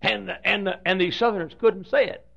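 A man with a Southern US accent preaching a humorous sermon, telling a story with joking asides and frequent throat clearing. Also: high-pitched, steady tone, fairly quick, fairly bright tone. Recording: dull lo-fi sound.

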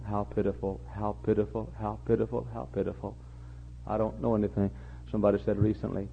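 An older man preaching a sermon, repeating his phrases and building to impassioned, near-shouting peaks. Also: on the low side, vocal fry, slight background noise. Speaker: pastor. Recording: muffled lo-fi recording.

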